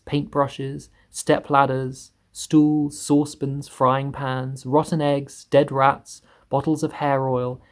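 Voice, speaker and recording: Gravelly man reading a children's story. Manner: steady storytelling, voicing characters in higher pitch. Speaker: reader. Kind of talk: reading a children's book aloud.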